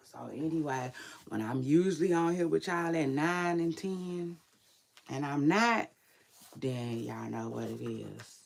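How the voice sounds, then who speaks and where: Smoky-voiced sleepy woman chatting slowly. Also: gravelly, darkish tone. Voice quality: smoky low voice. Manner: laid-back, slangy, drawls and trails off. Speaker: online commentator. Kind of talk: casual livestream chat to viewers.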